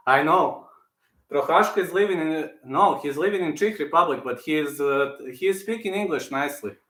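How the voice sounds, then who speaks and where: A man chatting casually on a live stream, answering viewers and circling back to repeat his points. His voice is bright and forward. The room adds a noticeable echo. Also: a little high, moderate pace. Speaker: channel host. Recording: roomy echo.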